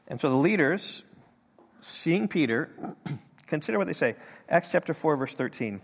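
A man's voice: fairly high pitch, lively intonation, normal speed, creaky, long pauses, husky, in a large hall. An older man preaching a sermon, telling stories and acting out people's voices in quotes. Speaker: pastor.

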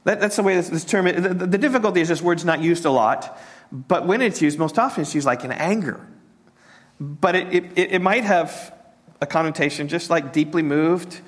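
A man preaching a sermon as a pastor, halting and repeating words, sinking to a soft hush on tender points. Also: fairly high pitch.

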